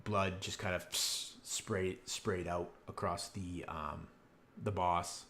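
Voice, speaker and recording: A man runs a tabletop game over an online call, his voice sitting a little low. He narrates haltingly and often stops to search for words. He breaks off often to ask players for rolls. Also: fairly even intonation, sharp tone, a little hiss or hum. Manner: halting, many fillers while describing scenes. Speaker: game master.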